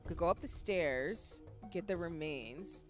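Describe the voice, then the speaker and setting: Lively chatty woman streamer, Southern accent. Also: lowish voice, takes it slowly, soft background music. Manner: chatty, swears, loud outbursts. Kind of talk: live gaming stream chat.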